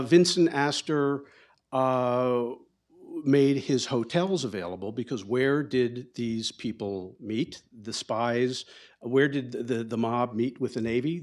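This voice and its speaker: A man giving an author's book talk at a bookstore, telling stories in a chatty, digressive way full of asides. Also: medium pitch. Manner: chatty, digressive, with frequent asides and quoted dialogue. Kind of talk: anecdotal storytelling to an audience. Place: bookstore event space.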